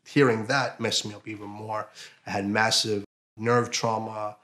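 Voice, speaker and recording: A man with a fairly low voice tells his own story in an interview. His speech is halting and emotional, broken by fillers and restarts. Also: little pitch movement, fairly bright tone. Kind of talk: emotional personal testimony.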